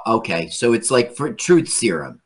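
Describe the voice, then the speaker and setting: A man's voice: medium pitch, big pitch swings, normal speed. A man co-hosting a casual comedy show, joking and laughing often. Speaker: podcast co-host. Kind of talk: casual comedic chat over a video.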